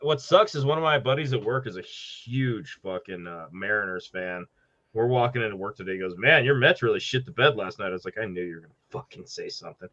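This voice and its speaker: A man co-hosting a sports talk show, cursing freely and ribbing the others with sarcasm. His voice swings widely in pitch. The call audio sounds dull and lo-fi. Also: animated, fairly quick, pushed and bright. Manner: profane, sarcastic banter. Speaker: show co-host. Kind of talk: casual sports chat.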